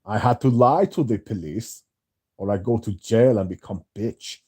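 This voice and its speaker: A man doing an impression of a brash, crude, pompous man with a German accent, talking slowly and boastfully. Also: on the low side, darkish tone, husky.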